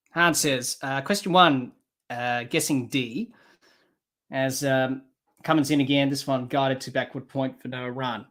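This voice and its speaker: A man hosts a live watch-along cricket podcast from home. He calls each ball and keeps turning to the players to scold them. His voice sits in an ordinary middle pitch. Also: steady tone, slow pace, pauses often, a bit bright. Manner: exasperated, scolding players and selectors directly. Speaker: podcast host doing live cricket commentary.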